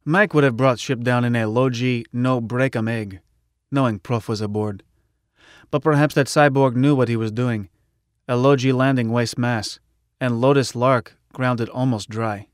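A man reading a science-fiction audiobook in the first person in a steady, matter-of-fact way. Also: medium pitch, measured pace, clean tone, no room sound, clean studio sound. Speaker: audiobook narrator.

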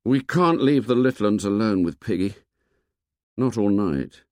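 Brief: an earnest, troubled boy chief, read by a man, lively speech, dry close sound. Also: fairly low pitch, unhurried, no room sound. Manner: earnest, despairing.

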